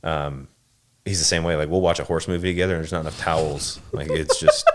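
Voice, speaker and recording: A very low-pitched man speaks as a podcast guest. His talk is casual and reflective, slowing down and hesitating often, with plenty of filler words. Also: fairly even intonation. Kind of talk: casual conversation.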